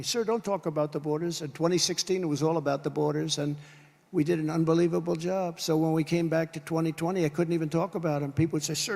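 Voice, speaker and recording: A man's voice: on the high side, gravelly, a little mellow. An older man giving an emphatic campaign rally speech, hammering home points in punchy repeated lists. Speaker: political candidate at a rally. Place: large rally venue. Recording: long reverb from a large venue.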